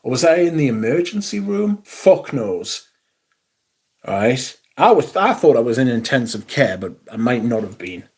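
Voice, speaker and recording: A man's voice: mid-range voice, sing-song, normal speed, darkish tone. Middle-aged man, livestream host, sweary and rambling. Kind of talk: casual livestream chat.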